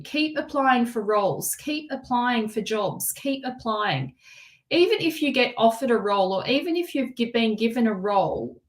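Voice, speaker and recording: Woman, repetitive tarot live-streamer. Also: on the high side. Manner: repeats phrases, reads viewer comments aloud. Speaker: tarot reader. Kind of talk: live-stream card reading.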